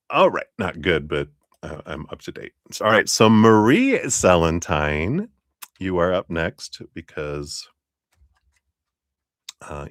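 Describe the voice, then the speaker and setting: A deep-voiced man hosts a live tarot reading, chatting warmly with viewers and laughing often. His pitch jumps around animatedly as he talks. The sound is dry and close, with no room echo. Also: creaky. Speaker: tarot reader.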